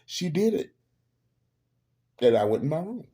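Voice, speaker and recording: A man hosting a show, telling family stories in a casual, animated and emphatic way with salty humor. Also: on the high side, measured pace. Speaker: host. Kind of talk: casual storytelling monologue.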